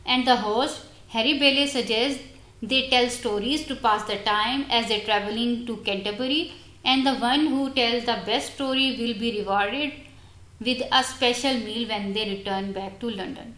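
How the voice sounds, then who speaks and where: A woman giving a recorded university lecture on English literature, halting and restarting her explanations as she speaks directly to her students. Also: a little high, fairly bright tone. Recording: roomy echoey recording.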